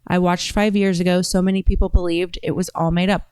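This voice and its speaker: A woman's voice: on the low side, flat delivery, a little fast, darkish tone, clean tone, no room sound. A woman podcast host chatting casually and thinking aloud as she browses and reads comments out, her accent drifting between a British-tinged and a Southern sound. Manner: rambling, thinks aloud with fillers.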